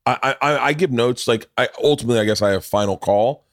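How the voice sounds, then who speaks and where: A man's voice: medium pitch, fast talker, no echo, clean studio sound. A middle-aged man hosting a podcast in casual chat, telling rambling, profane stories and acting out what other people said. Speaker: podcast host.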